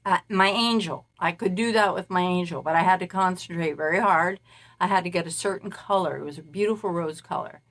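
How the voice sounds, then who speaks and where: A woman's voice: on the low side, brisk, a bit bright. A woman who calls herself a spirit medium, talking casually in a meandering monologue and recounting events at length. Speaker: self-described spirit medium.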